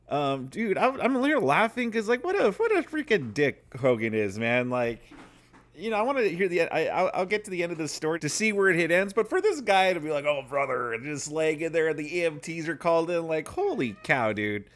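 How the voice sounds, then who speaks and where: A man's voice: a little high, a little fast. A man hosting a reaction video, commenting casually and laughing as he talks. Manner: excitable, laughs while talking.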